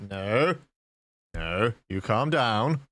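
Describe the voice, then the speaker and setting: Lively, jokey man. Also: mid-range voice, drawn-out words, creaky, no room sound. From southwest England. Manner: jokey, swears casually, talks to chat. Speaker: streamer. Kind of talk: casual live-stream chat while coding.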